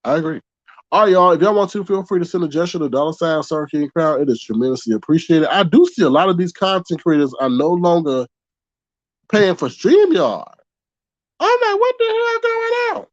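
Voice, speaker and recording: A man's voice: a little high, expressive, fairly quick, dry recording. Man, livestream commentary host, blunt and chatty, dry muffled mic.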